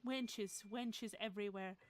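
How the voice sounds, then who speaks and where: A woman's voice: mid-range voice, fairly even intonation, a little slow. A young woman live-streaming, chatting casually and scatterbrained with her viewers, laughing often. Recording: music playing behind.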